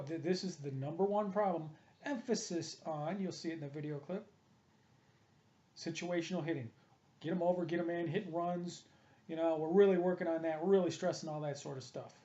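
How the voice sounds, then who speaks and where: A man's voice: a little high, mellow, lo-fi sound. A man, a hitting coach, delivering a combative, opinionated monologue that keeps circling back to the same complaints. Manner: combative, ranting, repetitive.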